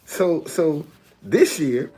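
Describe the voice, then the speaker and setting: A man's voice: fairly high pitch, sing-song, very slow, dark tone, slightly rough. A man talking casually to his viewers, explaining things step by step with emphasis and often checking that they follow. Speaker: street messenger and video host.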